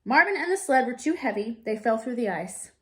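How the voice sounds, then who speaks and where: A woman reading a storybook aloud and voicing a confident male detective who speaks calmly and slowly. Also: fairly high pitch. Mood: assured.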